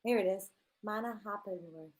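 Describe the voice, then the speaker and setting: A woman taking roll call at a school council meeting, brisk with chatty asides. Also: medium pitch. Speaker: meeting secretary.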